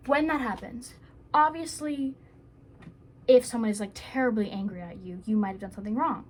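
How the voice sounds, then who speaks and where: A woman's voice: fairly high pitch, normal speed, a little hiss or hum. A woman giving earnest, rambling self-help advice to camera in a casual vlog, with playful asides.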